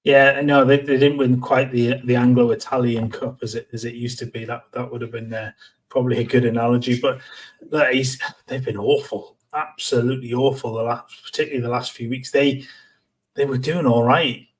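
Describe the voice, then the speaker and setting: Flat-voiced blunt football pundit man. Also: mid-range voice, poor audio. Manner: blunt, measured opinions with restarts. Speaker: podcast co-host. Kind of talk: casual football podcast chat.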